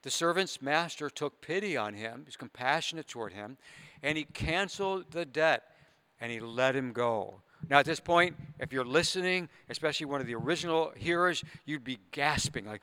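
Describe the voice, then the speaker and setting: A man's voice: a little high, lively intonation, moderate pace, bright, forceful tone, smooth. A man preaching a sermon as a pastor, retelling a parable earnestly with conversational asides to his listeners.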